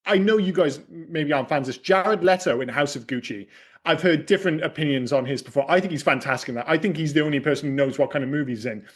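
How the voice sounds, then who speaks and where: A man's voice: on the high side, quick pace. A man co-hosting a podcast, giving strong, sweary opinions in casual film talk. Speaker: podcast co-host.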